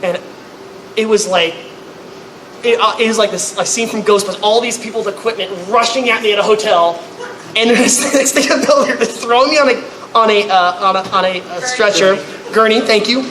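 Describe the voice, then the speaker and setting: Brief: male convention panelist, high and bright, echoey panel room, comic storytelling with animated voiced-out characters. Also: normal speed. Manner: animated, acts out others with loud high-pitched outbursts. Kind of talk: comedic storytelling to a live audience. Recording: echoey room, faint noise.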